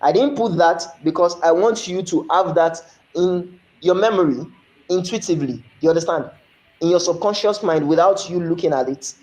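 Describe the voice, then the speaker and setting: Young man, 20s, French teacher, online lesson, slow repeated phrases, slightly high voice, echoey room. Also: a little mellow. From Nigeria. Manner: repeats phrases slowly for learners, asks if they follow.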